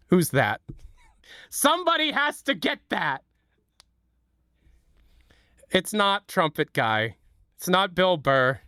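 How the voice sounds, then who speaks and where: A man's voice: high voice, very animated, slow, pauses often, sharp tone, clean tone, no echo, studio quality. Profane rambling male streamer. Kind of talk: casual livestream commentary.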